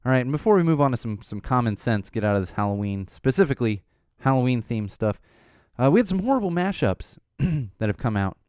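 A middle-aged man hosting a podcast, rambling casually with lots of fillers, his voice a little hoarse and tired. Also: medium pitch, a little fast, no room sound, studio quality. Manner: rambling, animated, frequent "uh" fillers. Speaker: podcast host. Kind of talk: casual solo chat.

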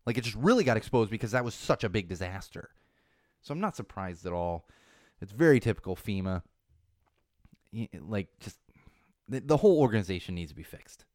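Fast, fired-up ranting podcast host man. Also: lowish voice, a little mellow, no room sound, studio quality. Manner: rambling, indignant ranting. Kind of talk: casual podcast monologue. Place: Los Angeles.

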